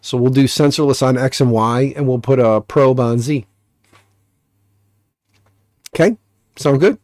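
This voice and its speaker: A man's voice: medium pitch, a little slow, darkish tone, no echo, studio quality. A man with an American accent and a stuffy, nasal voice, hosting a casual live stream and rambling with jokes and fillers. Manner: rambling, joking, many fillers. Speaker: livestream host.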